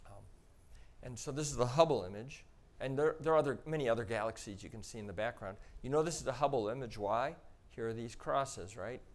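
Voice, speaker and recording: A man gives a talk to an audience and explains pictures on slides one by one. His tone is casual and chatty, and he adds small asides as he goes. His pitch sits in an ordinary middle range for a man. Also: a little fast. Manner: conversational, explaining step by step with frequent "um" and "you know". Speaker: astronaut giving a public talk.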